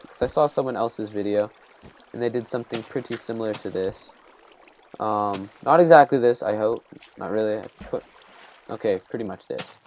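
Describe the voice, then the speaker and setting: A man's voice: mid-range voice, a little mellow, a little hiss or hum. A man giving casual let's-play commentary, rambling and self-deprecating as he thinks aloud while building. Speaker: gameplay commentator.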